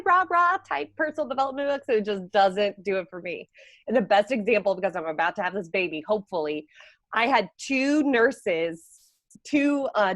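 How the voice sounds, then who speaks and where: A young woman telling a personal story on a coaching call, lively and mimicking people as she goes. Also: mid-range voice, dry recording. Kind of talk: casual storytelling.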